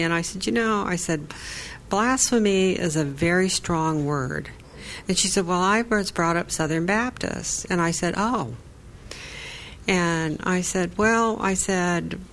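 A woman's voice: on the low side, a little hiss or hum, poor audio. Woman caller, conversational storyteller, quotes herself and others. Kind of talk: telling a personal church story.

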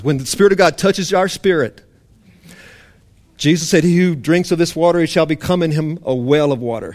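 Impassioned preacher, higher-pitched man. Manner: impassioned, swings between loud emphasis and hushed intensity; mock-indignant voice for a legalist's complaint. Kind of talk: sermon.

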